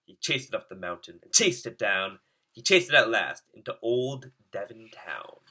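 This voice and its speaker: A man reading a rhyming storybook aloud in a lively, sing-song way. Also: lowish voice, moderate pace, breathy edge. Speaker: storybook reader.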